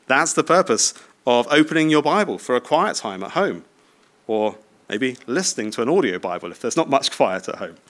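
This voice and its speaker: A man in his thirties preaches in an easygoing, conversational way, often turning to the listeners with short tag questions. His voice sits at a middle pitch, and he laughs lightly from time to time. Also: very animated, moderate pace, a bit bright. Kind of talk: sermon.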